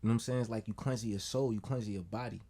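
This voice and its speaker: This New man talks in a very deep voice. He tells his story in a loose, rambling way on a casual podcast, with the words sounding unhurried. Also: steady tone, gravelly, warm tone. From Brooklyn, New York. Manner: laid-back, rambling, fills with "you know what I'm saying". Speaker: guest musician.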